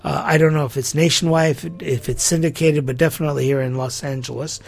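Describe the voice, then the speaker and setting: A middle-aged man with a gravelly, fry-edged voice, pitched a bit high for a man. He hosts a podcast and delivers opinion commentary, firing off rhetorical questions and acting out quotes with disbelief. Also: steady tone, quick pace. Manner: incredulous, rhetorical, acts out quotes. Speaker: podcast host.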